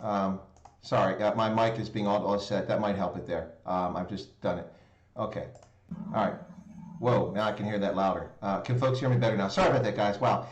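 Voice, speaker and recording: A man's voice: lowish voice, fairly even intonation, brisk, lo-fi sound. A man hosting a live stream in casual chat, telling stories and fussing over his audio. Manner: flustered by mic trouble, chatty storyteller. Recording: roomy echo.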